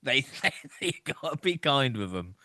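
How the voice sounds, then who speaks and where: Rambling podcast co-host, dry close sound. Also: male voice, mid-range voice, big pitch swings, measured pace, pushed and bright, no room sound. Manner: rambling, laughs often, keeps asking "do you know what I mean". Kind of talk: casual chat.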